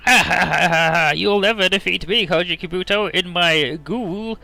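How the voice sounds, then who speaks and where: A loud, cackling villain with a cyborg body who gloats about revenge and bursts into evil laughter, as a man playing a game hams him up. His voice sits a little higher than the man's own and comes out bright and forceful over faint game music. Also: normal speed, creaky, no echo, heavily acted. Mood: gloating.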